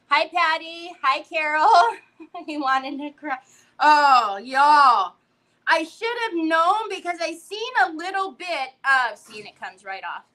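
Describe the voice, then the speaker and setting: Woman, craft livestream host, high voice, unhurried delivery, chatty and animated. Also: poor audio. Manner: animated, greets viewers by name.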